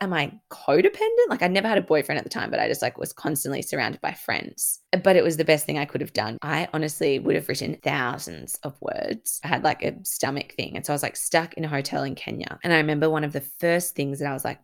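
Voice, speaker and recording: A young woman hosts her own podcast and tells a personal story with a low, gravelly voice that slips into vocal fry. She talks candidly and casually, with lots of "like", swearing, and acted-out bits of what others said. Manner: candid and chatty, full of "like" and reported speech. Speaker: podcast host.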